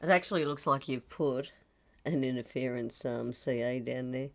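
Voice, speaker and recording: Low-voiced, tired woman. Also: normal speed, creaky. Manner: upbeat, enthusiastic commentary. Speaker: co-host of a fluid art channel. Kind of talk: casual chat while demonstrating.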